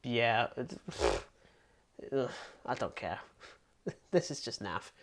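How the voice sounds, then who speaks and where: Male podcast co-host from England, mid-pitched, rambling, self-deprecating reviewer. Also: big pitch swings, very slow, vocal fry. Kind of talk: casual film review chat.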